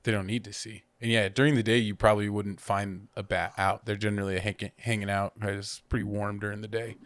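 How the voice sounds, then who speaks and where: A man co-hosting a podcast, relaxed and chiming in with facts in casual chat. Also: lowish voice, a little fast, no echo. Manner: relaxed, chimes in with guesses and facts. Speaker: podcast co-host.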